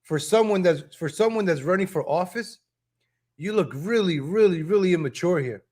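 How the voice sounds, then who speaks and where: Brief: man, higher-pitched voice, casual live-stream host, chatty and scolding. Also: lively intonation, moderate pace, darkish tone. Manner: talks straight to viewers, scolding and chuckling; repeats himself with tag questions.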